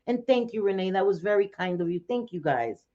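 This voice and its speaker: Middle-aged woman, livestream host, mellow voice, chatty and laughing, dull lo-fi audio. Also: mid-range voice, expressive, fairly quick. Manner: chatty, laughs often, talks to viewers by name. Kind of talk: casual livestream chat.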